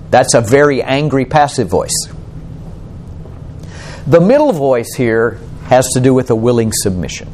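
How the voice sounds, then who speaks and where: A man's voice: medium pitch, expressive, a little slow, long pauses, a little mellow, a little hiss or hum. A male pastor preaching a sermon, explaining scripture and asking the listeners questions. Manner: questioning, explanatory, asks the congregation.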